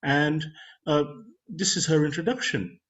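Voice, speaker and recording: A man hosting an online club meeting, giving formal, measured speaker introductions. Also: fairly high pitch, a bit bright. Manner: measured, ceremonial, reads introductions. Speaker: meeting host. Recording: dull lo-fi video call audio.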